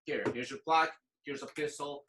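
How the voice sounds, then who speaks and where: A man with a bright tone talks a little away from the microphone in a casual chat. He lays out his opinions plainly and matter-of-factly. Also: a little high, fairly even intonation, fairly quick, recorded from a distance, rough recording.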